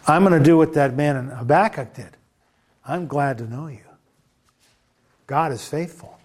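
A male preacher delivering a sermon in a somewhat high voice. He speaks with emphasis, repeats phrases again and again and keeps asking his listeners questions.

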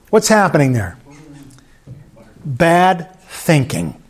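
A man's voice: high-pitched, sing-song, slow, pauses often, a little mellow. A man preaching a sermon in church, conversational and joking with the congregation. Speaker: pastor.

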